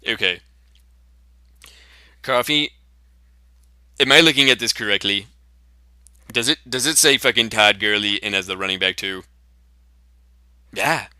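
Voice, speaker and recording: A man's voice: on the low side, measured pace, long pauses, sharp tone, clear, resonant tone, no room sound, clean studio sound. A young man hosting a comedy sketch, brashly boasting and swearing through profane trash talk.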